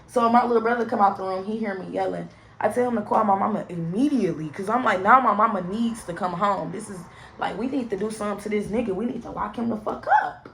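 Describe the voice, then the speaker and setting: A young woman with a creaky, gravelly edge tells a personal story, talking straight to her viewers and swearing freely. She stays in a middle pitch and keeps an animated storytelling delivery. Faint noise sits under the voice. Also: quick pace, rough recording. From St. Louis area, USA. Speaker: vlogger. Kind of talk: storytime vlog.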